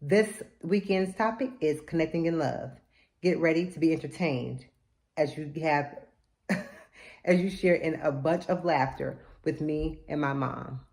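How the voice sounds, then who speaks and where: A woman hosting a podcast, chatting casually with her mother and telling animated stories. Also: sits low, measured pace, echoey room. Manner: animated storyteller who acts out quotes. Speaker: podcast host. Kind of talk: casual family chat.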